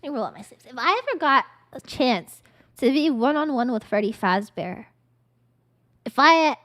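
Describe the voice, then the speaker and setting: A woman's voice: high voice, a bit bright. A young woman streamer reacting on a livestream, with crude, profane, over-the-top ranting. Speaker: VTuber streamer.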